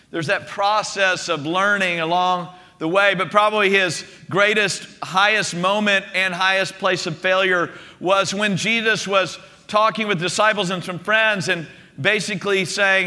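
A man preaching a sermon to a congregation, telling the stories in an animated way and often restarting with repeated words. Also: sits high, unhurried. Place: room with a gathered congregation. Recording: long reverb of a large hall.

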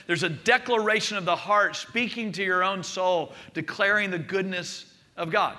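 A man's voice: high voice, normal speed, few pauses, sharp tone. A man preaching a sermon as pastor, leading the congregation in spoken declarations. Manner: leads congregation in call-and-response declarations.

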